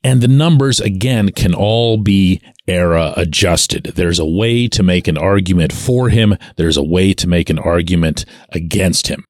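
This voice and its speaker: A man hosting his own sports podcast, talking through hockey news in a measured, conversational, explanatory way. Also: low voice, darkish tone, no room sound, clean studio sound. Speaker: sports columnist and podcast host. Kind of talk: solo sports podcast commentary.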